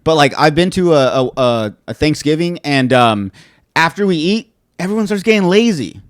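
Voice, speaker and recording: Animated ranting podcast host man. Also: fairly high pitch, moderate pace, no echo, studio quality. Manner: animated, ranting, swears freely. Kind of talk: casual podcast chat. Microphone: studio podcast mic.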